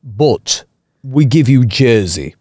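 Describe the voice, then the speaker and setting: A man's voice: mid-range voice, expressive, slow pace, a little mellow, breathy edge, dry recording, clean studio sound, voice pushed down. Man doing a mock-polite bargaining official. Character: male British official making a deal, bargaining.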